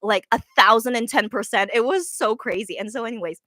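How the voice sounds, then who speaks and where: A woman's voice: on the high side, fairly quick, sharp tone, dry recording, studio quality. A woman casually recapping a live show she saw, gushing and rambling with lots of fillers and restarts.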